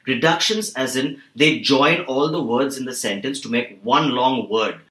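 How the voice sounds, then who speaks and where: A man working as a voice and accent trainer, explaining calmly and steadily in a podcast interview. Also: mid-range voice, roomy sound, poor audio. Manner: calm, measured explainer.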